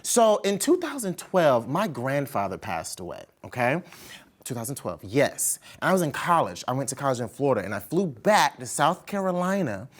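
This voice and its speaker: Young woman host, animated storyteller, lively pitch. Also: moderate pace. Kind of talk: casual interview chat.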